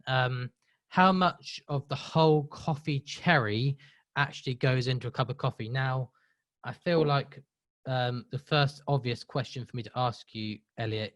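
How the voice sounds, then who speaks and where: A man's voice: mid-range voice, no echo. A man hosting a live webinar, upbeat and chatty, running a quiz with the audience. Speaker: webinar host.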